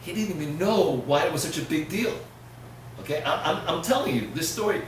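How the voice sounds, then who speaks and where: A man gives a rabbi's sermon, telling a story and dropping to hushed asides before rising to loud, emphatic peaks. His voice sits a little high. He is heard from a distance in a strongly echoing hall with a faint hiss. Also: animated, brisk. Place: lecture hall. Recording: echoey hall, from far off.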